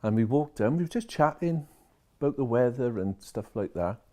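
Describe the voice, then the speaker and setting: A man's voice: mid-range voice, animated, moderate pace, dark tone. A man, a social care worker telling a story to camera and retelling each conversation line by line.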